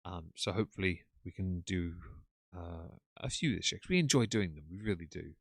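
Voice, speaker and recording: A low-pitched man talks over a live stream in a sarcastic, mocking tone. His voice sits close and dry, with no room sound around it. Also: lively intonation, normal speed, gravelly, no echo. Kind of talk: casual live-stream commentary.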